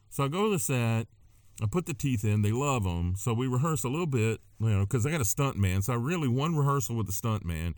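Radio host, middle-aged man, animated storyteller, swooping pitch, dry close sound. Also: fast talker, no echo. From Louisiana. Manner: animated raconteur, slips into quoted voices. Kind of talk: casual storytelling chat.

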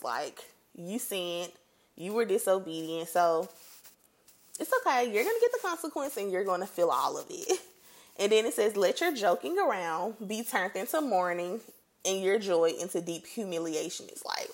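A woman giving a casual Bible teaching. She reads scripture aloud and comments on it in a lively, conversational way. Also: medium pitch, moderate pace. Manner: animated and conversational, reads scripture then reacts playfully.

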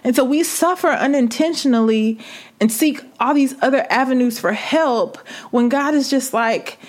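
Delivering a sermon in a high voice at normal speed, a woman stirs up passion by asking the same kinds of rhetorical questions again and again.

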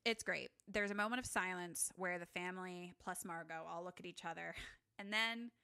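A woman's voice: lowish voice, fairly even intonation, moderate pace, vocal fry, pushed and bright, smooth. A young woman co-hosting a podcast, casually retelling a film scene by scene and acting out the characters' lines. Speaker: podcast co-host. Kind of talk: casual movie recap chat.

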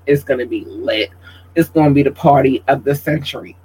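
A man's voice: medium pitch, brisk, warm tone, breathy edge, rough recording. A man hosting a casual livestream, talking in an emotional, outspoken and profane way. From Georgia, USA. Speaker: livestream host.

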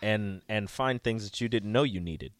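Male host, mid pitch, smooth and clear, dry teasing asides, close sound. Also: normal speed, no room sound. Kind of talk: casual chat.

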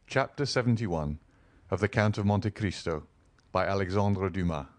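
A man reading a classic novel aloud as an audiobook in a measured, expressive way. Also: low-pitched, dry recording. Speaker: audiobook volunteer reader. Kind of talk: scripted narration of a classic novel.

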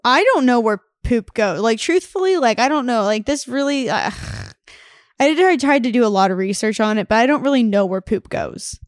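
A woman's voice: on the high side, lively intonation, brisk, dry recording, clean studio sound. Jokey Southern woman podcast host. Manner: jokey, blunt, explains from research notes. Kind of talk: casual chat.

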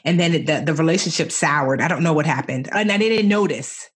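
Husky-voiced woman telling lively stories. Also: low voice, a little fast. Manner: lively storyteller, animated self-quotes. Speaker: guest entrepreneur. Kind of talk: casual interview chat.

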